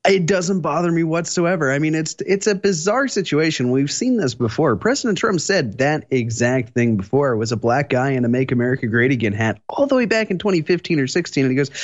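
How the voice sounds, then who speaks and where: Male panelist, slightly high voice, emphatic and sure, dull recording. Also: lively intonation, brisk, hardly any pauses. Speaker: panel guest. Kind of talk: political commentary.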